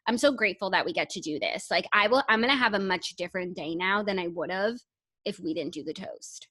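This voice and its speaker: A woman's voice: medium pitch, brisk, sharp tone. A young woman co-hosting a podcast in casual chat, talking in an enthusiastic, gushing way. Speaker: podcast co-host.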